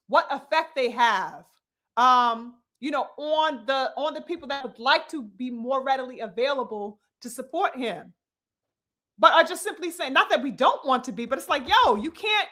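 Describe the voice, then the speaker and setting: A woman's voice: high voice, sharp tone. A woman giving a heated, profane commentary monologue with emphatic delivery and frequent "you know" fillers. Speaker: boxing commentator.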